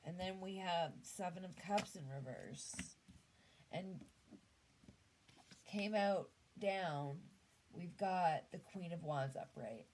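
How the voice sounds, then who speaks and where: A Canadian woman talks through a tarot spread in an easygoing monologue. Her voice sits low and she takes her time. She muses aloud, trailing off and starting sentences over. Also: slow, pauses often, darkish tone, slight background noise, low-quality recording. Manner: musing, trails off and restarts. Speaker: tarot reader. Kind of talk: casual tarot reading monologue.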